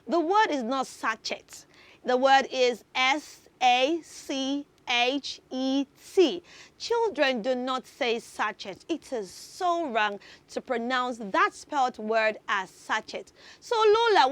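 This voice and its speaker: A woman's voice: sits high, fairly bright tone, no room sound. A woman hosting a children's TV lesson, upbeat and coaxing like a teacher. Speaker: children's TV host. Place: TV studio.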